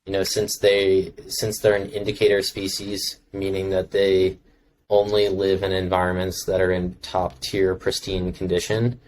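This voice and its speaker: Low, flat-voiced young man reminiscing. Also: normal speed, a little hiss or hum, poor audio. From Maryland, United States. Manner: relaxed, reflective, many filler words. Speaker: podcast guest, filmmaker. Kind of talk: casual chat.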